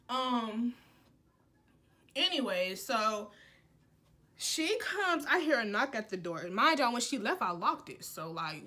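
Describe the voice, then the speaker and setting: A young woman vlogger telling a story in a casual, slangy way, jumping between loud outbursts and low asides. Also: sing-song, unhurried.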